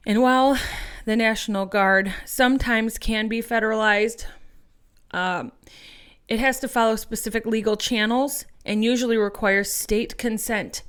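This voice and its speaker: A woman's voice: a little high, fairly even intonation, unhurried, fairly bright tone, smooth. A woman hosting an activist podcast, delivering an angry, profane political monologue and rallying her listeners as friends.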